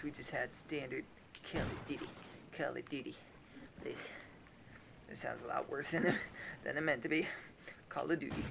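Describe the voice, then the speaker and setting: A man's voice: medium pitch, normal speed, vocal fry, long pauses, background noise. A young man casually commenting on his own shooter gameplay, playful and jokey, often slipping into silly voices. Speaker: gaming YouTuber. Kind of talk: casual let's-play commentary.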